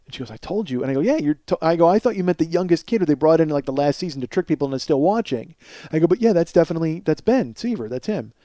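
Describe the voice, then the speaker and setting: A man's voice: fairly high pitch, animated, racing, mellow, dry recording. A man hosting a comedy podcast, telling a profane story and acting out both sides of the conversation in a ranting manner. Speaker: podcast host.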